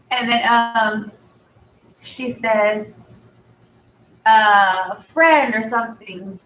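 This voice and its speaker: A woman's voice: on the high side, extremely slow, long pauses, a bit bright. A woman hosting a food video, casually retelling a film story in a chatty, rambling way. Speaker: mukbang channel host. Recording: echoey room, slightly dull, from a distance.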